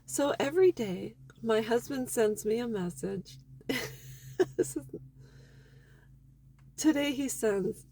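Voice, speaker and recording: A woman's voice: a little high, lively intonation, slow, pauses often, warm tone. A middle-aged woman talking candidly and with feeling in a personal vlog about her family and marriage. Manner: candid, emotional and heartfelt. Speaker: vlogger.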